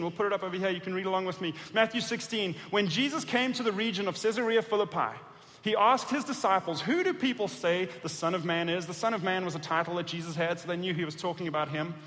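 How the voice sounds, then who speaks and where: A man with a high voice preaches a sermon, reading scripture aloud and acting out what the characters say. His voice rings with a long reverb in a church sanctuary. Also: fast, fairly bright tone. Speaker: pastor.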